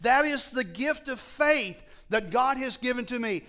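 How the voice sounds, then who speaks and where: A man preaching a sermon to a congregation, slow and emphatic, often asking them questions and correcting himself as he goes. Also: very high voice, expressive, pushed and bright.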